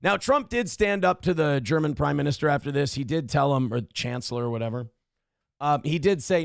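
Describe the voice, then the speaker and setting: A man's voice: mid-range voice, brisk, gravelly, dry recording, clean studio sound. A man hosting a morning show, giving blunt, profane and sarcastic commentary on the news.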